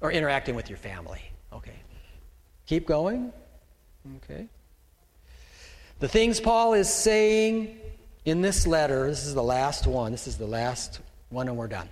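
Folksy middle-aged pastor preaching in a reverberant church. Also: male voice, on the high side, very animated, a little slow, long pauses, slight background noise. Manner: conversational, folksy preaching with asides to a slide operator. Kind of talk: sermon. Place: church sanctuary, speaking from a raised pulpit.

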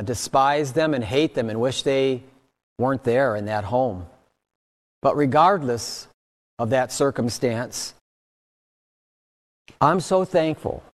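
A man preaching a sermon as pastor, earnest and deliberate, rising in pitch and volume on key points. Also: a little mellow, in a large hall.

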